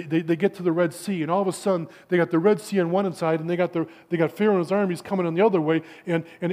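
A man preaching a sermon to a gathering of men, telling stories with stammered repeats and dropping to a hushed low for emphasis.

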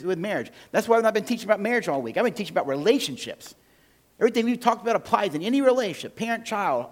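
A man preaches with a slightly raised pitch and a steady, emphatic drive. He keeps pausing on questions so the congregation can call out the answer. It sounds like a guest speaker teaching on relationships in a church. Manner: emphatic, asks the audience fill-in questions. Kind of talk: sermon.

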